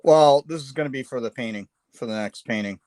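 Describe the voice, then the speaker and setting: A man's voice: medium pitch, a little fast, darkish tone, no echo. A man hosting a live painting stream, chatting casually while he sketches, with lots of fillers and self-deprecating asides.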